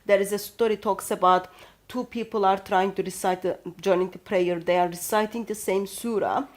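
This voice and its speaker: Turkish woman, non-native English, mid-pitched, careful and halting. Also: steady tone. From Turkey. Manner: hesitant, careful, frequent ums and self-corrections. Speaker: co-host. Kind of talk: apologetics discussion.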